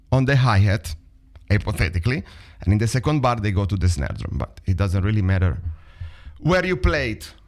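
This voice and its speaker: A man with an Italian accent teaching a drum lesson over a video call, chatting and vocalizing rhythms aloud. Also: mid-range voice.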